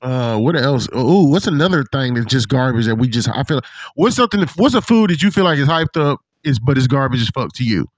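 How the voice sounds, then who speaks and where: A man hosting a casual chat, telling profane, animated stories and acting out what people said. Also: mid-range voice, a little fast, dry recording. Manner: animated, profane storytelling with put-on quotes. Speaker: podcast host.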